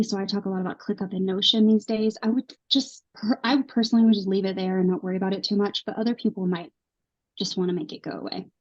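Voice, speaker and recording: Woman co-host, relaxed chatty tone, muffled lo-fi video call sound. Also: medium pitch. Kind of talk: casual podcast chat. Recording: dull lo-fi video call audio.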